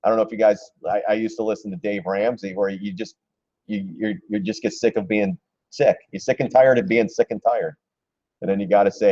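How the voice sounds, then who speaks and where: A middle-aged man talks through stock charts on a live stream in a low, dark, mellow voice. He is blunt and excitable, swears freely and laughs often. The sound is dry and close, but dull and lo-fi. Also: a little fast, dry recording. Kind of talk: casual live-stream market commentary.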